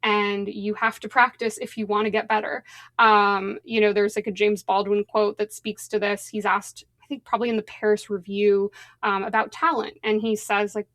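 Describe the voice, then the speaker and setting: A woman journalist speaking as a podcast guest, thoughtful and conversational, often pausing on "um" and "like". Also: medium pitch, level tone, fairly bright tone, dry recording. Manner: thoughtful, with frequent "um" and "like". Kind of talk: conversational interview.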